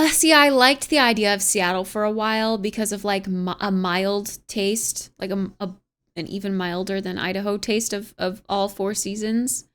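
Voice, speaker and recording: A woman's voice: medium pitch, fairly even intonation, moderate pace, fairly bright tone, clean tone. A young American woman streamer chatting casually at home, reading viewers' messages aloud and musing on them with frequent laughs. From United States. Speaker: livestreamer.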